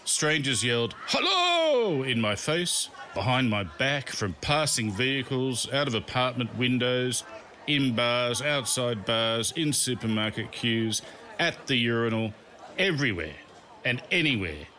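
A man's voice: medium pitch, a little slow, bright, forceful tone. A man hosting and narrating his own comic memoir in a wry, self-mocking storytelling manner. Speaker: podcast host and narrator.

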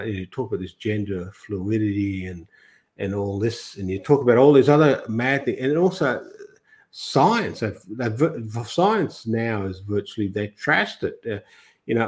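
A man's voice: on the low side, darkish tone. An older man from Australia, a guest in a political interview, talking in long rambling sentences full of restarts and quoted asides.

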